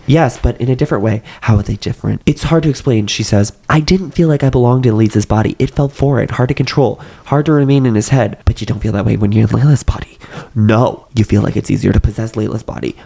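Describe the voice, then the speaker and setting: A man's voice: medium pitch, a little fast, gravelly, dark tone. A young man reading a novel aloud, with slight voice shifts for the characters and joking asides.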